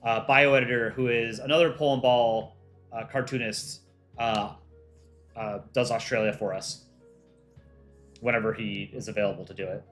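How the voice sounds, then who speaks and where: A man's voice: medium pitch, steady tone, normal speed, long pauses, a bit bright, soft background music. A man who voices cartoon characters, hosting a casual livestream and reading viewer chat aloud as he runs polls. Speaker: livestream host and voice actor.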